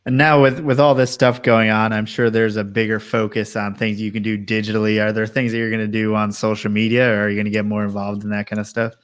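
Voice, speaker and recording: A man's voice: on the low side, flat delivery, fast, hardly any pauses, clean tone. A male interviewer asking matter-of-fact questions in a casual interview.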